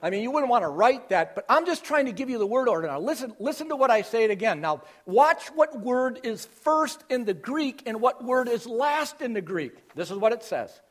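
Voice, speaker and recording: A man preaching an expository sermon to his congregation, teaching with emphatic stresses that drop to quiet intensity. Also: very high-pitched, sing-song, moderate pace, few pauses.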